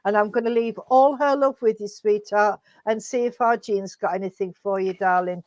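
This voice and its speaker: A woman's voice: mid-range voice, fairly even intonation, moderate pace, darkish tone, dry recording. A woman working as a medium, tenderly passing on spirit messages and what she is shown. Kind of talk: giving spirit messages in an online healing service.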